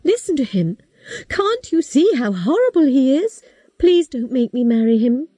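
A woman voicing a desperate sixteen-year-old girl, pitching her voice up high to plead and protest through tears. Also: sing-song, moderate pace, dark tone, no room sound.

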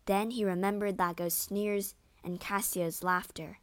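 Slow storybook narrator, woman. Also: lowish voice, fairly even intonation, no echo.

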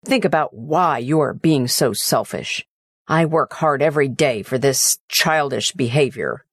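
A woman's voice: rumbling low, measured pace, husky, no echo, studio quality, exaggerated voice. A woman voicing a tired working father who talks curtly to his son. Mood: furious. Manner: curt, irritable.

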